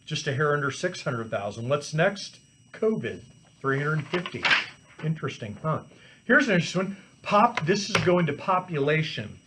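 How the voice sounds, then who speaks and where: A man hosting a weekly financial commentary, talking in a lively, casual way with quick asides and rhetorical questions. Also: on the high side, slight background noise. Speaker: financial advisor hosting a weekly market show. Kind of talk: casual unscripted market commentary. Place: Fort Collins office.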